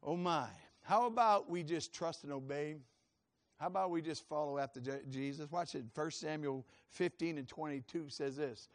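A middle-aged man preaching a sermon, fervent, with rhetorical questions and sudden high, whining voices when he acts out prayers. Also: normal speed. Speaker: pastor.

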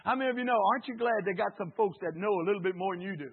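A man preaching a sermon, calling out questions to the congregation and rising to shouts. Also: sits high, very fast, slightly rough. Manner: call-and-response, rising to shouts. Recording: tinny phone-like sound.

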